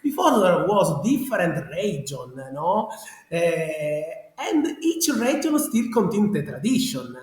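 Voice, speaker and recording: A man's voice: high voice, very animated, unhurried. A man with a strong Sicilian accent, Italian native, chatting animatedly as a genealogist guest in broken English. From Sicily, Italy. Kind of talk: casual interview chat. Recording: very echoey room.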